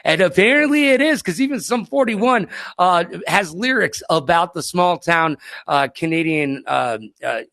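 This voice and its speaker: An American man hosting a casual interview, telling animated stories and acting out the quotes. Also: high-pitched, a little slow, hardly any pauses. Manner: animated storyteller, acts out quotes loudly. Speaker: interview host.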